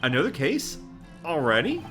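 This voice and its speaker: A man's voice: a little high, wildly swooping pitch, moderate pace, music in the background, voice pushed up. A man voicing a polite, earnest young lawyer who gets flustered and anxious.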